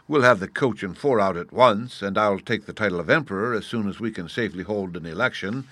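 A greedy, scheming official talks through his plans, smug and a little uneasy, as a man reading the story puts him on. His voice sits low, close and dry. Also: pushed and bright, no echo. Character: scheming greedy male vice warden.

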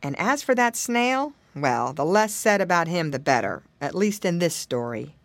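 A woman narrating a children's storybook in a playful, expressive manner. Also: lowish voice, normal speed, dry recording. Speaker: audiobook reader.

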